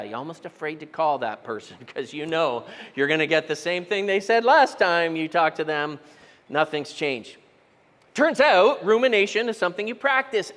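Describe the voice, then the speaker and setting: Casting note: male pastor, high voice, chatty self-deprecating sermon, big reverberant church hall. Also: fairly bright tone. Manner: conversational, self-deprecating, asks the congregation questions. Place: church auditorium.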